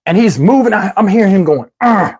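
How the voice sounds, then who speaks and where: A man telling a wild personal story in a casual, animated, slangy way, swearing freely. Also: high-pitched, quick pace, husky.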